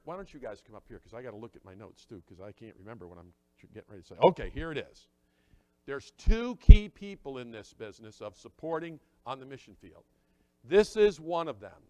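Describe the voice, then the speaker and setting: A middle-aged pastor preaches fairly quickly at medium pitch, his voice swinging widely up and down. He talks conversationally, acts out little conversations, and moves between quiet asides and loud points of emphasis.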